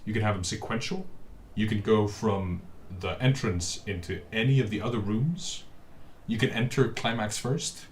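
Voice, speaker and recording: A man's voice: fairly low pitch, normal speed, slight background noise. A man hosting a casual live stream, rambling with many fillers and restarts, picked up by a webcam microphone. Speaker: streamer host.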